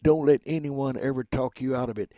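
A man in his seventies from Oklahoma, telling stories as an interview guest in an animated, rambling, dramatic way. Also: mid-range voice, brisk, no room sound. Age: 70s. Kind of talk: storytelling interview.

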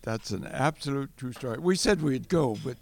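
A man's voice: medium pitch, animated, moderate pace. An older man from California telling a wartime Navy anecdote, chuckling and restarting as he rambles. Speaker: World War Two Navy veteran guest. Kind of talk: storytelling interview.

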